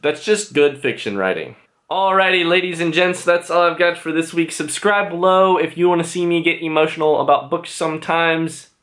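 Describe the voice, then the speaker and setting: A man's voice: fairly high pitch, moderate pace, fairly bright tone. Playful young man reviewing a book. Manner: playful, self-joking asides. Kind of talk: casual book review vlog.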